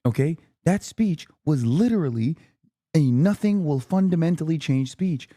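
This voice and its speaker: A man in his thirties vents at his stream chat, exasperated and full of profanity. His tone is dark and mellow, held back so he does not wake a neighbor. The sound is dry and close, with no room around it. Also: on the high side, expressive, normal speed, no room sound. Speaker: streamer reacting to a speech. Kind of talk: heated live-stream commentary.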